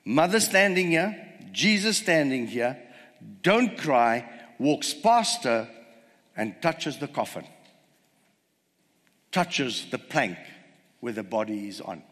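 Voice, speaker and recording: A man's voice: mid-range voice, sing-song, slow, long pauses, fairly bright tone. A man preaching a sermon, retelling a story and firing rhetorical questions at the congregation. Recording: long hall reverb.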